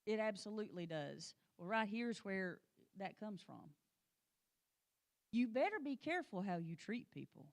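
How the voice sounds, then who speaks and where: A woman's voice: medium pitch, big pitch swings, a little slow. A woman teaching a Sunday school lesson, plain-spoken and folksy, with joking asides, and urging the class on directly.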